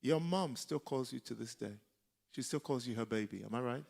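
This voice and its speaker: A man preaching a sermon, telling a personal story in an animated way and breaking into shouted exhortations. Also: mid-range voice, normal speed, vocal fry. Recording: live church service.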